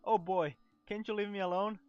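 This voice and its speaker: A grumpy, impatient townsperson from a video game, voiced by a man with a Croatian accent. He snaps in a raised, louder voice. The sound is dull and lo-fi. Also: high voice, fairly even intonation, moderate pace, faint music behind, pitched above the performer's own voice, lightly acted. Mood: annoyed. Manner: curt, impatient. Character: irritable townsperson, brushing off strangers. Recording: dull lo-fi recording.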